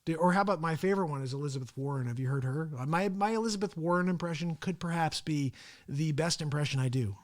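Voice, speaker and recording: A man with a somewhat high voice hosts a casual live stream. He rambles from one thought to the next, chatty and relaxed, and chuckles often. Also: fast. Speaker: host of a daily live talk show.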